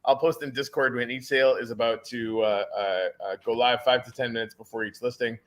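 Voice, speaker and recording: A man of middling pitch chats on a live stream in a loose, relaxed way. He trails through fillers and hesitations while explaining things to his co-host. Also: brisk. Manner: relaxed, uses fillers like "uh" and "dude". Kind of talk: casual live-stream chat.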